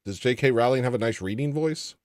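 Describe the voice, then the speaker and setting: This male livestream host is fairly quick, with a medium-pitched, darkish voice and no echo. He reads viewer comments in a casual chat, punctuated by dry, sardonic asides.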